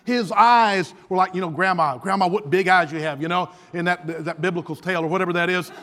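A man's voice: high voice, fairly quick, bright, forceful tone. A man preaching a sermon, telling a funny story with many restarts. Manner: humorous storytelling with frequent restarts. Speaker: pastor. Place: church sanctuary. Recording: church hall reverb.

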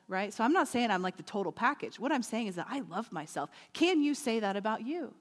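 Animated woman preaching in a reverberant hall. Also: fairly high pitch, fast talker, hardly any pauses. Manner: animated, playful, quotes imagined voices. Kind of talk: sermon.

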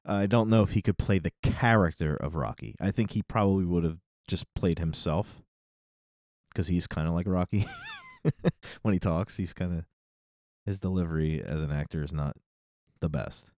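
A man's voice: deep voice, moderate pace, darkish tone, dry recording. A middle-aged man co-hosting a podcast in casual chat, rambling and correcting himself, often laughing. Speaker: podcast co-host.

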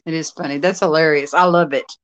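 A woman's voice: sits low, steady tone, fast, no room sound, lo-fi sound. A woman guest on a podcast, a psychic medium, chatting casually and laughing along with her stories. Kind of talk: casual chat.

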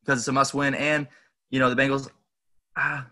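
A man's voice: medium pitch, flat delivery, normal speed, pushed and bright. A young man co-hosting a sports podcast, giving his picks in a casual, hesitant way with many restarts. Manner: hesitant, restarts, offhand opinions. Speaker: podcast co-host.

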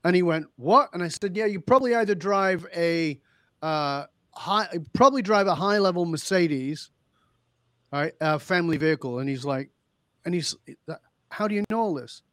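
A man who is a leadership consultant, telling client stories on a podcast and acting out the dialogue with lively emphasis. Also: on the high side, normal speed, smooth, dry recording, clean studio sound. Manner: animated, acts out quoted dialogue. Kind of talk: podcast interview storytelling.

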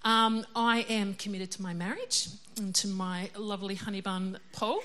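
Bright chatty woman preaching. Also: mid-range voice, steady tone, moderate pace. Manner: chatty, self-deprecating, laughs often. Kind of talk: casual sermon.

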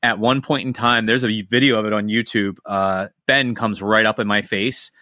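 A man in his forties co-hosting a casual podcast interview, telling an anecdote in a lively way. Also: on the low side, moderate pace, no echo, clean studio sound. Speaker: podcast co-host.

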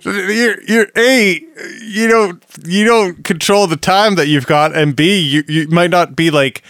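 Man, podcast co-host, smooth resonant voice, dry sound, wry casual chat. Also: high-pitched, unhurried, a bit bright, dry recording. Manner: wry, skeptical, conversational.

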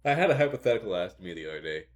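A man's voice: low-pitched, big pitch swings, rapid-fire. A man hosting a casual podcast chat, telling rambling stories and laughing often.

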